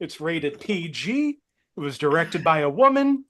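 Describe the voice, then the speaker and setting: A man's voice: fairly high pitch, big pitch swings, a little slow, sharp tone. A man hosting an online movie quiz game, reading out clues steadily and laughing often with the players. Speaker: game show host.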